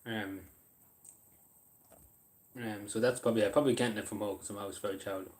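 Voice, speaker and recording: A man's voice: fairly low pitch, steady tone, quick pace. A man chatting casually on a livestream, hesitant and apologetic, with many fillers, eating while he talks.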